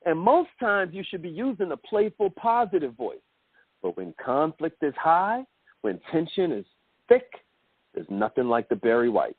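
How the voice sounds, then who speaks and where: Lively male call coach, fairly high voice with swooping pitch, dry phone-line sound. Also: normal speed, breathy edge, dry recording. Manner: animated, addresses listeners as millionaires. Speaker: self-development coach. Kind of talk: motivational call training.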